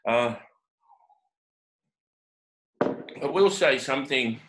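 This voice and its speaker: A man with a New Zealand accent giving a halting, unscripted prophetic reading, full of pauses and fillers. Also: mid-range voice, animated, background noise. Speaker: prophetic teacher.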